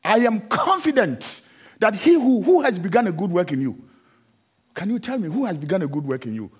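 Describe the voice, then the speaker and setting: Husky-voiced man preaching with sung refrains. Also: sits high, very animated, fairly quick. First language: not English. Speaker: pastor. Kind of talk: sermon.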